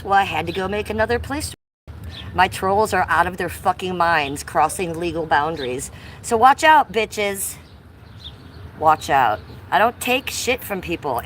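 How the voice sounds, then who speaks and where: A woman's voice: fairly low pitch, a bit bright, a little hiss or hum, rough recording. A woman with a Cleveland accent chatting on a casual livestream outdoors, a little out of breath from biking, reading chat comments aloud. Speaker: livestream host. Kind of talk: casual live-stream chat. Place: outdoors by an old church. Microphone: chest-harness phone.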